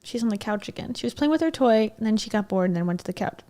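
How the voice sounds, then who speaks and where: A woman with a fairly high voice gives casual reaction commentary on a clip. Her delivery is blunt and sarcastic, with a relaxed, offhand way of talking. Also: rapid-fire. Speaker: commentary YouTuber.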